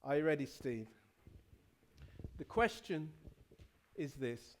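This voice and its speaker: Slow and animated, with a voice a little on the high side, this middle-aged male pastor from England delivers a sermon. He dramatizes the story, shifting between quiet passages and loud ones.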